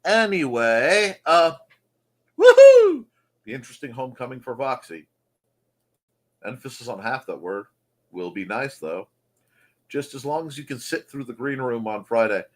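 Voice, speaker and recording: A man hosts a casual morning chat show, goofily joking and riffing on viewer comments with mock-announcer asides. His medium-pitched voice moves at a moderate pace, pausing often.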